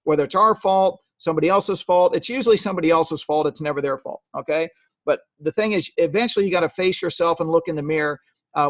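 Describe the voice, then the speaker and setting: His voice a little high, a man delivers live sales training as a network marketing trainer, pressing his points emphatically and repeating himself while frequently asking "okay?" It's a dry, dull, lo-fi recording.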